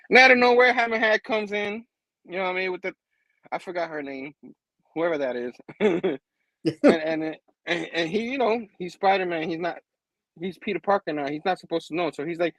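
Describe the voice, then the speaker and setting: A man casually recapping a comic book, laughing often and acting out the characters in quick voices. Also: sits high, creaky, a bit bright, dry recording, poor audio.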